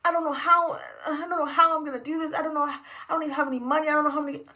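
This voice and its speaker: A sugary, fretful driver lady pleads and fusses in a lifted voice, as a woman acts her out. Her tone stays bright and clingy as she talks. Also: sits high, fairly even intonation, very fast. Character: fussy woman driver, overprotective, calls her honey.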